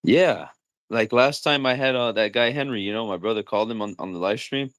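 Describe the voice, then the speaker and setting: A man's voice: mid-range voice, brisk, fairly bright tone, no echo. A man hosting a casual livestream chat, joking around, laughing things off and acting out the voices of people he quotes. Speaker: livestream host.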